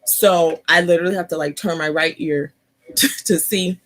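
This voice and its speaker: A woman hosting a casual live-stream chat, talking softly because of an ear infection, laughing and chatty, sitting close to her computer mic. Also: fairly low pitch, fairly even intonation, moderate pace. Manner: chatty, laughing asides, many fillers. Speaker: host.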